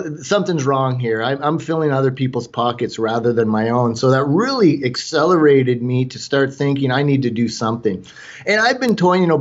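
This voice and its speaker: A Canadian man talks through his background in a loose, conversational way, with plenty of "you know" and restarts. His pitch sits in the middle range. The audio sounds a little dull and lo-fi. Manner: talkative, with frequent fillers and restarts. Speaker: guest entrepreneur. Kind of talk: conversational storytelling.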